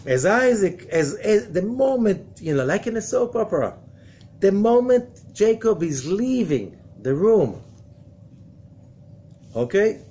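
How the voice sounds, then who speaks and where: Animated man teaching scripture. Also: high-pitched, slow, husky. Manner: dramatic retelling with rhetorical questions, frequent "okay?". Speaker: rabbi teaching a weekly study class.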